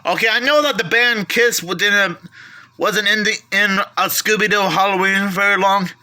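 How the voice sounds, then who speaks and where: A man's voice: high voice, moderate pace, sharp tone. A man casually showing off his home media collection, listing titles one by one with chatty asides and self-corrections. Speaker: collector vlogger. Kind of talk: casual show-and-tell of a collection.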